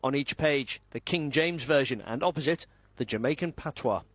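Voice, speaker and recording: A man reading a scripted news report with measured broadcast delivery. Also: medium pitch, fairly bright tone, a little hiss or hum.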